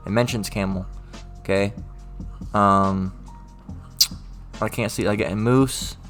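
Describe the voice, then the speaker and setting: A man's voice: lowish voice, fairly even intonation, slow pace, a bit bright, soft background music. A man casually going through scripture verse by verse, reading passages aloud and checking in with his listeners after nearly every line. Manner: repetitive, checks in with "all right?"; reads old-style scripture aloud with more lift. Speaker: religious teacher.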